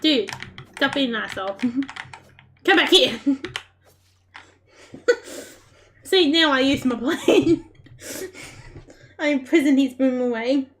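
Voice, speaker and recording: A woman giving live gameplay commentary, excitable and laughing often, with playful trash talk at the other players. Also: high-pitched, extremely slow, pauses often. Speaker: gaming creator.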